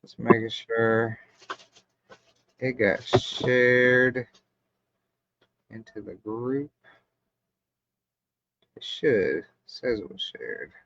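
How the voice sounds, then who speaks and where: A man's voice: mid-range voice, drawn-out words, creaky, long pauses, a bit bright. A man hosting a casual live chat, talking in a laid-back, rambling way over a stream. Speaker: livestream host. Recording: muffled lo-fi stream audio.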